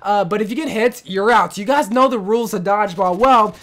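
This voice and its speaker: A woman gaming commentator telling a storytime rant in a casual, slangy, animated way. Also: mid-range voice, fairly quick.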